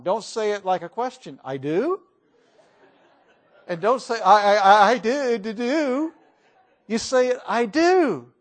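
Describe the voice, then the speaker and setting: A man preaching a sermon in a church, folksy and emphatic, rising and falling in loudness for emphasis. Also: sits high.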